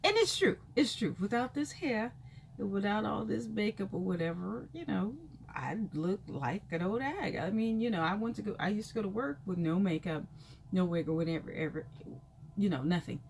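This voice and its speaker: A woman chats her way through a personal story in a loose, rambling vlog manner, dropping fillers into nearly every phrase. Her voice sits at an average pitch but jumps sharply upward whenever she acts out a reaction. Faint noise hums in the background. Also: moderate pace, creaky. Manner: chatty and rambling, full of "you know" fillers; animated, jumps high in pitch when acting out reactions. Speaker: vlogger telling a personal story. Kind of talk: casual storytime chat.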